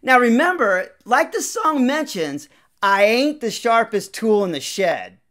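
Brief: young male storyteller, conversational, animated intonation, acts out the dialogue. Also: very high voice, a little slow. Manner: lively, conversational, acts out quotes. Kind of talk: personal story narration.

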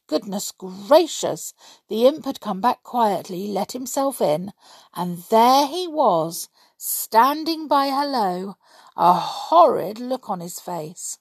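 A woman reads a children's story aloud with expressive, dramatic delivery, gasping and whispering for effect. Her voice is gravelly and a little husky. She reads slowly, in a dry, close sound. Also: on the high side, no echo.

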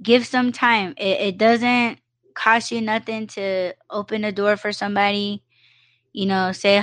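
Woman podcast host, casual solo livestream, mid-pitched, dry close sound, rambling and profane. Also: level tone, measured pace, fairly bright tone, dry recording. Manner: rambling, frequent "you know", swears freely, acts out quoted exchanges.

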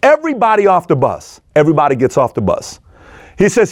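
A man retells a film and the business lessons behind it, telling the story with energy and acting out the characters' lines while swinging between loud and low. He speaks fairly quickly, and the studio recording is clean and dry.

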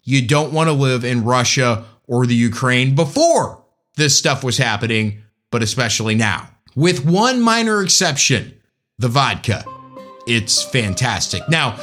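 Lively opinionated man ranting casually. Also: mid-range voice. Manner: opinionated, joking, rambling. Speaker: commentator.

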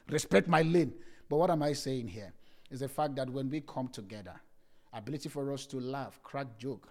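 A young adult male pastor preaching a sermon, reading scripture aloud and telling humorous personal stories to his congregation. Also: on the high side. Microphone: streamed service mic.

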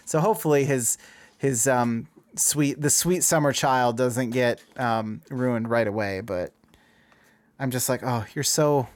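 A man in his thirties telling a story in casual chat, lively and acting out dialogue with a raised voice. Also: mid-range voice, a little slow, no room sound. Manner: animated, acts out dialogue in a raised voice.

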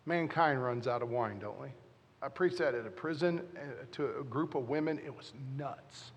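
Animated preaching man in a reverberant church. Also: medium pitch, normal speed. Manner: animated, joking, talks straight to the crowd. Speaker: guest pastor. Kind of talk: sermon storytelling.

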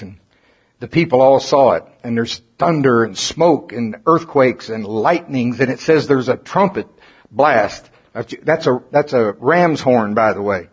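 A man preaching a sermon to a congregation in a folksy, animated way, his voice climbing at the high points, his mouth getting dry. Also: breathy edge. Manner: animated, folksy, rises in pitch and volume at climaxes. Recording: dull lo-fi sound.

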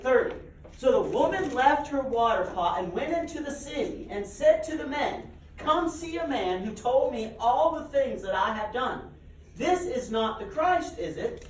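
A man's voice: very high voice, a little hiss or hum. A man preaching to a congregation, telling self-deprecating stories with humor. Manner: self-deprecating, animated storyteller. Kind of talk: humorous storytelling sermon. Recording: echoey church hall, distant mic.

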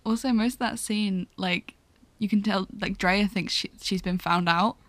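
A giggly woman in casual chat about a movie, who keeps breaking into laughter between remarks. Her pitch sits in a middle range. The sound is close and dry. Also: steady tone, normal speed, no echo. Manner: giggly, laughs often while talking.

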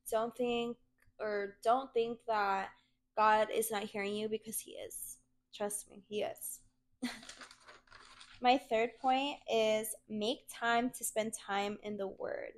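Earnest young woman, higher voice. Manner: earnest, chatty, repeats "literally" often. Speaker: Christian content creator. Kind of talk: casual faith talk to camera.

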